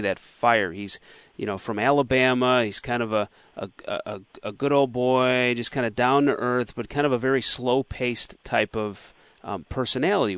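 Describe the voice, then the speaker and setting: A man's voice: mid-range voice, a bit bright, dry recording. Radio host guy chatting football w a caller, mid voice, dry close sound. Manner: conversational, chatty, hesitant fillers. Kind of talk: radio interview, casual sports talk.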